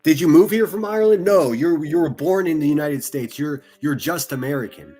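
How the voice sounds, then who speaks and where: A man streaming profane, mocking reaction commentary with a husky voice. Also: fairly high pitch, fairly quick, mellow, faint music behind. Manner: mocking, ranting, heavy swearing.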